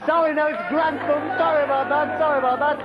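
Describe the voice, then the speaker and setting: A man's voice: very high-pitched, steady tone, quick pace, over a noisy crowd. A man playing a flustered, apologetic game show host who keeps giggling in a comedy sketch. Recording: dull recording with loud studio audience and noise.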